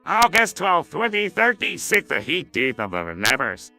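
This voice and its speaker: An AI voice clone voicing an ominous announcer proclaiming a doomsday date. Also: male voice, a little high, huge pitch swings, a little slow, pushed and bright, soft background music, heavily acted.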